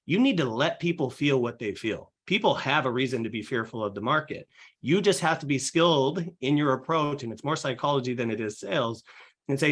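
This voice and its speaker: This young man, a real estate agent guesting on a casual podcast, explains things energetically and at speed. Fillers crowd his mid-range speech, and he performs his clients' words as quotes.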